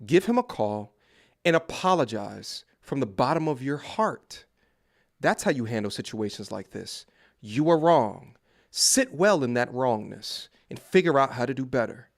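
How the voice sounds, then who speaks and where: A man doing livestream reaction commentary, mocking and lecturing in loud, preachy rants aimed at his chat. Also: mid-range voice, animated, measured pace, vocal fry.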